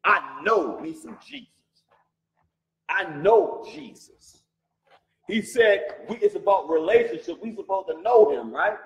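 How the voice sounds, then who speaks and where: A man's voice: sits high, animated, unhurried, echoey room, poor audio. A man leading a Bible study, speaking emphatically and firing off rhetorical questions. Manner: calls the reader brother. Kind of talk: animated religious teaching.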